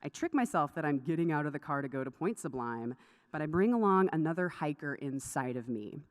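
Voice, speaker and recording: A woman delivers a conference lecture in a low voice. She talks in a chatty way, breaking off into asides and laughing at herself. Her voice carries through a hall with a long reverb. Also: expressive, brisk.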